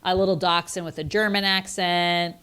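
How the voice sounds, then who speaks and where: A woman's voice: lowish voice, fairly even intonation, moderate pace, fairly bright tone, clear, resonant tone. A woman co-hosting a podcast, talking over a film in casual chat and thinking aloud as she goes. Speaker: podcast co-host.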